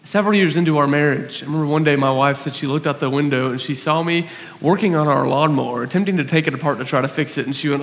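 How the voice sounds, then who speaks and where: High-voiced pastor preaching in a reverberant hall. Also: male voice, fast, a bit bright. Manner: earnest, storytelling with self-mocking humor. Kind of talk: sermon. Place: church hall.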